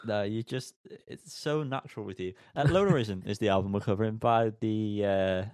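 A man's voice: lowish voice, moderate pace, a little mellow, smooth, no room sound. Rambling, self-mocking male podcaster. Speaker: podcast co-host. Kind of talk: casual podcast chat.

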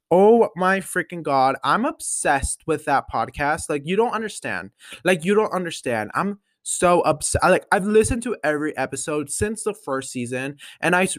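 Gushing nineteen-year-old guy, fairly high voice. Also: no echo. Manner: chatty and gushing, filler-heavy, with sudden excited jumps in pitch. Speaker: solo podcast host. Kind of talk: casual chat.

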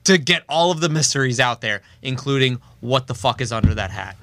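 A young man with a bright, forceful voice chatting as a podcast host. His delivery is laid-back and full of swearing, recorded dry and close. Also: mid-range voice, brisk, no echo. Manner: laid-back, profane storytelling. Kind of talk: casual chat.

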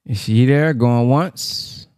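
A man hosting a call-in program, talking in an animated, enthusiastic, casual way with slang. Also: mid-range voice, slow pace, clean tone, no echo, clean studio sound. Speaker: host.

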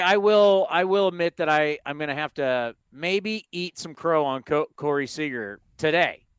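A man hosts a baseball talk show, his voice sitting a little high and coming through smooth and clear. He talks in an animated, emphatic way, stacking up rhetorical questions. The sound is dry and close, with no room echo. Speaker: sports talk show host.

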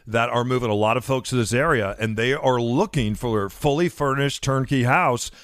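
A man's voice: mid-range voice, normal speed, fairly bright tone, no echo, studio quality. A man co-hosting a casual podcast, a realtor telling stories in an earnest, openly sentimental way. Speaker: realtor and co-host.

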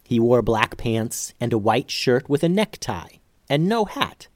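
A man narrating an adventure storybook in a steady, measured way. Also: medium pitch, dry recording, clean studio sound.

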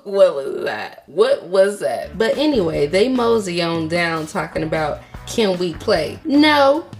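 Sassy, sarcastic woman podcaster. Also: lowish voice. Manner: sarcastic, dramatic asides, playful rhetorical questions. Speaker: podcast host reviewing a film. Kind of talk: sassy solo film commentary.

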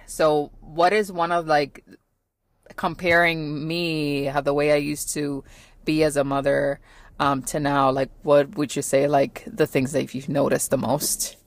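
A woman's voice: sits low, flat delivery, a little slow, no room sound. A woman in her thirties hosting a podcast, talking about parenting in a casual, reflective way, earnest, with many fillers and repeats. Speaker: podcast host.

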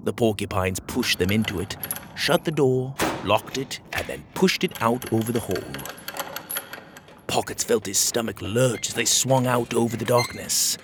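A man reading a storybook aloud as narrator, in an expressive, animated way. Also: medium pitch, moderate pace, background noise.

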